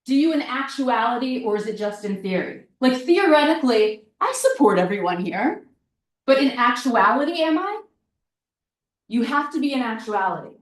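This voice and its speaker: Woman presenter, a bit high-pitched, casual and animated, miked from afar in a roomy space. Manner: chatty and animated, fond of "like" and "right?"; repeats points for emphasis. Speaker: workshop presenter. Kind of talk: casual seminar talk. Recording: echoey room, mic at a distance.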